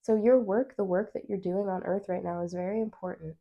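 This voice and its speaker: A woman's voice: mid-range voice, steady tone, fairly quick, muffled recording. A woman doing a pick-a-card tarot reading to camera. She talks directly to her viewers in a chatty, encouraging way and reads card meanings aloud. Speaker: tarot reader.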